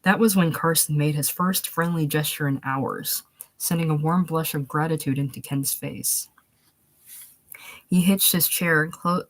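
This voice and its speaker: A woman narrating a short story aloud, steady, going back to fix small slips. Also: low-pitched. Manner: steady reading, restarts after slips. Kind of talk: audiobook reading of a short story.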